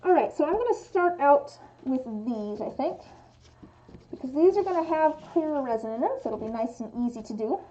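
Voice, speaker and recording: Pitched high and animated, this fairly quick young woman has a dark tone, and the recording loses its upper frequencies. She's a livestreamer from the American West casting resin dice, talking through her thoughts with frequent false starts, fillers, and dropped g's.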